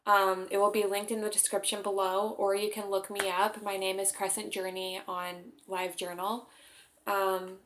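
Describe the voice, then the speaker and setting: A woman's voice: medium pitch, level tone, moderate pace, a bit bright, slight background noise. A young woman earnestly reading her own short story aloud, then chatting casually with fillers. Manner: earnest, with frequent fillers in the chat.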